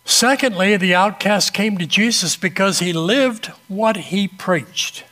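Higher-voiced man preaching a story sermon. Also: sharp tone. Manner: storytelling, varied dramatic pauses.

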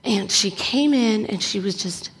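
A woman preacher telling a story in a conversational, animated sermon. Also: mid-range voice, a little slow. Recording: echoey hall reverb.

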